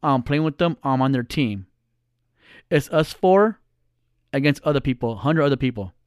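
A man's voice: medium pitch, animated, normal speed, clean tone, dry recording, studio quality. A middle-aged man vlogging in a blunt, profane, heated rant straight to his viewers. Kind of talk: casual ranting monologue.

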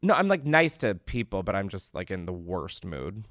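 A man's voice: sits low, big pitch swings, normal speed, fairly bright tone, no room sound. Brief: young male podcast host, casual chat, rambling and self-mocking, cusses freely, dry close sound. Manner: rambling, self-deprecating, swears a lot.

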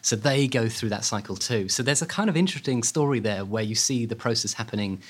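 A man, an author guest, telling a historical story in an animated way with many fillers. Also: medium pitch, fairly quick, slightly rough. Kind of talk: podcast interview.

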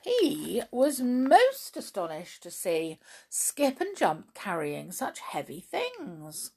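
A woman reading a children's story aloud in an animated way, with chatty asides. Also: mid-range voice, slow pace, gravelly, husky.

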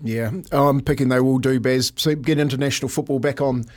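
A man's voice: mid-range voice, steady tone, fairly quick, darkish tone. A middle-aged man, co-hosting breakfast radio. He chats loosely and tells stories, laughing often. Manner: chatty, laughs often, storytelling. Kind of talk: casual radio banter.

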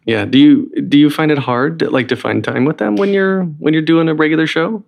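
Gravelly-voiced male interview host. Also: fairly high pitch, fairly quick, lo-fi sound. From North Carolina, USA. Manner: friendly questioning with frequent restarts. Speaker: podcast host. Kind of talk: casual interview chat.

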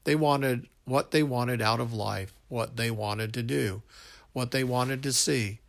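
A man reads a story aloud in a voice with a rough, gravelly texture, pitched around the middle. His delivery is unpolished, with small slips and restarts along the way. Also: measured pace. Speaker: narrator.

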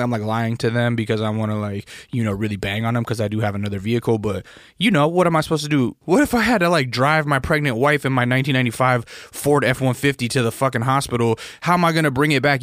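Young man, casual rant, profane, exasperated, middle-pitched voice, dry close sound. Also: quick pace, dry recording. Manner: profane, exasperated, rising to shouted outbursts when quoting himself.

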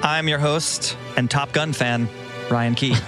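A man co-hosting a casual podcast chat with dry, deadpan quips. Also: mid-range voice, slow pace, music in the background. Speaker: podcast co-host.

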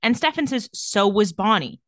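Lively young woman acting out a recap. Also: mid-range voice, normal speed, dry recording, clean studio sound. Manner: retells scenes, acting out characters' lines in playful voices. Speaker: podcast co-host recapping a TV episode. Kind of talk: casual chat.

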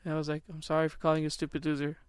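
A young man with a fairly high, smooth voice tells a story fast on a podcast. His delivery is chatty and eager. The sound is dry and close. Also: completely flat delivery, no echo. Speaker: podcast co-host. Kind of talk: casual chat.

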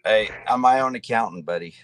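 A man's voice: on the low side, a little fast, a bit bright, no room sound. A man co-hosting a podcast as a rock musician, talking in an easygoing way with small hesitations. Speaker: musician co-host. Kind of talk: casual podcast chat.

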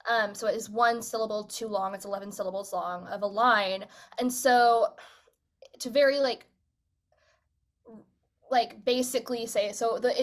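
Excitable young woman co-host. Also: on the high side, normal speed. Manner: enthusiastic, rambling with many fillers. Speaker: podcast co-host. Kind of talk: casual chat.

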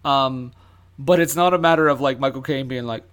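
A man's voice: mid-range voice, brisk, a bit bright. A man co-hosting a casual film podcast, chatty and full of fillers. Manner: chatty, many fillers, laughs easily. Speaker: podcast co-host. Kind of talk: casual film review chat.

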